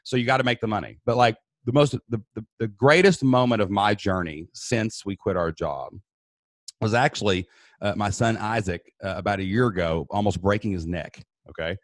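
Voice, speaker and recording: A man's voice: on the low side, normal speed, no room sound, clean studio sound. Earnest man telling a dramatic story. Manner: earnest, builds intensity while retelling. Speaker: podcast guest. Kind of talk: emotional personal storytelling.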